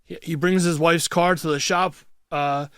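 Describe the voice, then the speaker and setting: A man being interviewed in a radio studio, telling a story bluntly in quick, clipped phrases and swearing freely. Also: fairly high pitch, fairly even intonation, fairly bright tone, clean tone, no room sound. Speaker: interview guest. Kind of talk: casual storytelling. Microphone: studio microphone.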